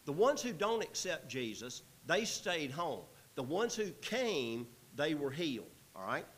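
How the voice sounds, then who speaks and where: A man's voice: on the high side, very animated, unhurried, hardly any pauses, a bit bright, poor audio. A man teaching a Bible passage verse by verse, reading the text aloud and breaking in with folksy, joking asides.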